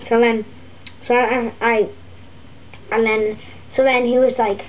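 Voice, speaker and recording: A woman voicing a fussy, griping turtle puppet teacher, rambling and halting with many restarts. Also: on the high side, little pitch movement, close to an everyday voice. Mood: grumbling. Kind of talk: comic puppet vlog monologue. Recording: tinny lo-fi phone-like audio with faint hiss.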